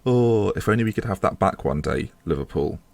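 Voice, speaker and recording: A man's voice: sits low, animated, a little fast, vocal fry, a little mellow, no echo. A man giving casual commentary on his football management game, chatty and self-mocking, swearing when things go wrong. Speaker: gaming video host.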